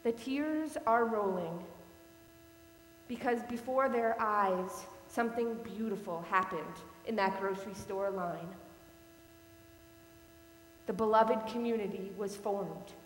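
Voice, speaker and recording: A woman pastor delivering a sermon, telling a story in a slow, measured way. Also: mid-range voice. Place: church sanctuary. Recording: echoey hall with long reverb and faint hum.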